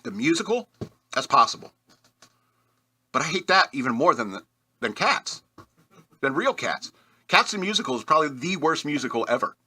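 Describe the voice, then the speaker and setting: A man's voice: on the high side, big pitch swings, moderate pace, pauses often, sharp tone, breathy edge. A man hosting a radio show, telling rambling personal stories in a casual, self-deprecating way with chuckles. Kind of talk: casual storytelling.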